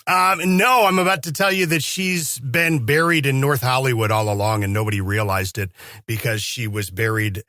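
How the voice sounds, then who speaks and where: A man's voice: medium pitch, normal speed, bright, forceful tone, no room sound, clean studio sound. A man hosting a podcast, chatting with eager interest and chuckling along with his guest. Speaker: podcast host. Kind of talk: casual interview chat.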